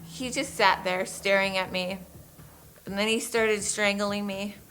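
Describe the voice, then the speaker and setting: Woman giving halting first-person testimony. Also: medium pitch, steady tone, a bit bright, soft background music, poor audio. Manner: halting, measured recounting with pauses and restarts. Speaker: survivor recounting her ordeal.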